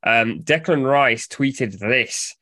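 A man hosting a casual football podcast, steady and presenting, moving the chat along. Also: medium pitch, slow pace, no echo, studio quality. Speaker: podcast host.

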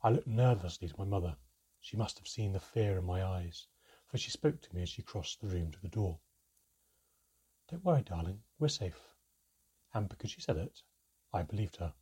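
Husky low-voiced male storyteller. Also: brisk. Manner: expressive, shifts pitch for dialogue. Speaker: narrator. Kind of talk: storybook narration.

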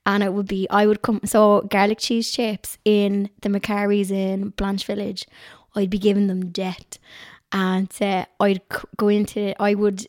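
A lifestyle blogger from Ireland with a North Dublin accent chats as a podcast guest at her home, telling stories and laughing often. Her medium-pitched voice is unhurried and lively. The sound is clean studio quality with no echo.

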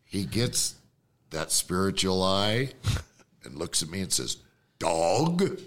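A man's voice: deep voice, lively intonation, a little slow, pushed and bright. A man, a podcast guest, telling a story animatedly, acting out the voices he quotes and laughing often.

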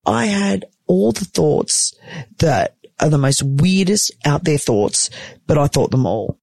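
A woman telling a personal story in a casual, animated way, acting out what everyone said and swearing freely. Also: sits low, normal speed, vocal fry, breathy edge, no room sound. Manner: animated, acts out the other people's lines.

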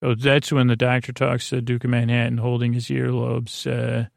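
A man recapping a show as a drowsy bedtime story, his gravelly voice staying flat and level with hardly any rise or fall. He stops and starts, filling gaps with pauses, and the dry, close sound carries no room echo. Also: medium pitch. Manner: halting, with frequent filler pauses. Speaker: podcast host. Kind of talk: rambling sleep-story episode recap.

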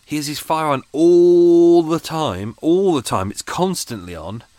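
A man's voice: on the high side, animated, unhurried, warm tone, no echo. A man with a London accent chatting casually on his boat while making coffee, rambling and swearing with self-mocking asides. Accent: London English. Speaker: vlogger living on a boat.

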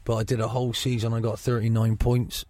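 A man's voice: mid-range voice, little pitch movement, quick pace, a little mellow, dry recording. A middle-aged football manager with a Gloucestershire burr, talking frankly in a radio interview, often restarting his sentences. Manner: frank, chatty, many restarts.

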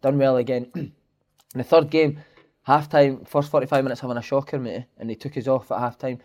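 A man's voice: medium pitch, fairly even intonation, fairly quick, darkish tone. A man, a co-host and former footballer, chatting casually and swearing. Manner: banter-heavy, laughs easily, swears. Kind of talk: casual chat.

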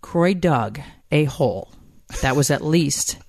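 Woman in her forties, co-host, lively rambling storyteller, dry close sound. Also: low-pitched, takes it slowly, dry recording. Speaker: podcast co-host. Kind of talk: casual chat.

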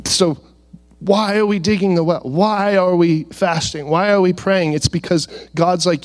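A man's voice: high-pitched, steady tone, unhurried. A man preaching a sermon and reading scripture aloud. He asks his listeners rhetorical questions.

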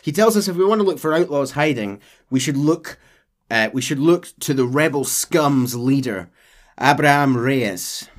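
A man's voice: medium pitch, expressive, normal speed. A man hosting a podcast, casually retelling a game's story and chuckling along the way. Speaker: podcast host.

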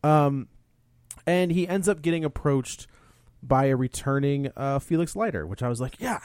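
A man's voice: mid-range voice, animated, moderate pace, darkish tone, clear, resonant tone, dry recording, studio quality. A man chatting casually as a podcast co-host, recapping a film plot with many fillers and restarts. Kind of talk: casual movie review chat.

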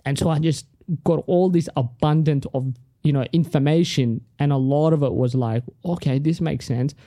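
Comedian guy telling a story on a podcast, deep mellow voice, animated, dry close sound. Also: normal speed, no echo. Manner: animated storyteller who acts out other people's lines. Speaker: comedian guest. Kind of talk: casual storytelling.

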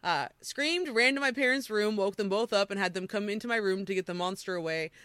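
A woman hosting a podcast, chatting casually and reading creepy stories aloud with animated quoting. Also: medium pitch, brisk, clean tone, dry recording. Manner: animated storyteller, quoting with voices. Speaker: podcast host.

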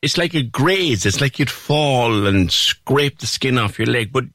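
A man's voice: mid-range voice, lively intonation, measured pace, a bit bright, dry recording, studio quality. A man hosting a radio phone-in, giving short acknowledgements and asking follow-up questions. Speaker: radio host. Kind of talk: phone-in interview.

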